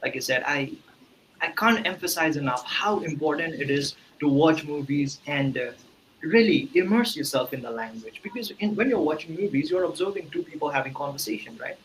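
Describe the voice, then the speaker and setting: A man's voice: fairly high pitch, expressive, fairly quick, fairly bright tone, slight background noise, rough recording. A man from India, a guest in an interview, explaining earnestly with examples and fillers. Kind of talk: casual interview talk.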